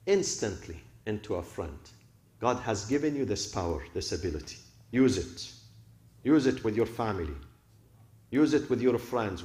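A man's voice: lowish voice, a little mellow. Exhorting male preacher in an echoey hall. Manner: repeats phrases for emphasis, exhorting. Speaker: preacher giving a Muharram lecture. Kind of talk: sermon with a retold story. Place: mosque hall.

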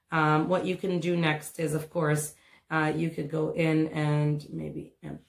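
A Canadian art teacher with a low, gravelly voice walks children through a drawing lesson one step at a time. She's chatty and encouraging, full of ums and little asides, and the room around her is echoey.

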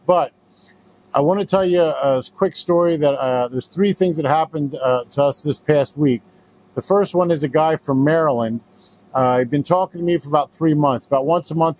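A man's voice: on the high side, darkish tone. A man who runs a recycling business, talking casually to camera and telling a story, with plenty of fillers as he goes. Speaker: business owner. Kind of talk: direct-to-camera business talk.

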